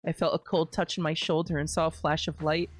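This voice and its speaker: A young adult woman streaming a game, reading the narration steadily between loud, laughing, swearing reactions. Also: low-pitched, level tone, fairly quick, soft background music.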